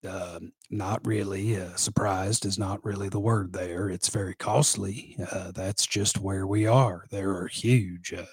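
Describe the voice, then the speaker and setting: A man doing an impression of an older male football team owner who talks slowly and evasively, with halting pauses. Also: low voice, steady tone, breathy edge, no echo, voice pushed down, heavily acted. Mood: evasive, measured. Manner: slow, halting delivery with many uh pauses.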